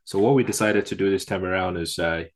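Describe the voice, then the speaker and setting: A male podcast host introduces his guest in a loose, casual way, stopping often on uh and um. His voice sits low and deep. He sounds relaxed and unscripted. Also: fast talker. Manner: hesitant, many fillers.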